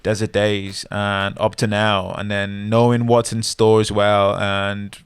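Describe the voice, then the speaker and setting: A low, smooth-voiced man co-hosting a podcast in casual chat. He speaks earnestly and pauses often with ums. The sound is dry and close, with no room around it. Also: little pitch movement, no room sound. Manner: earnest, hesitant with many ums. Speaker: podcast co-host.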